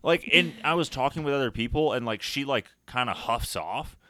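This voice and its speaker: Animated, profane man ranting. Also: mid-range voice, normal speed, dry recording. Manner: animated, profane, acts out quoted exchanges. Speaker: podcast co-host. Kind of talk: casual chat, storytelling rant.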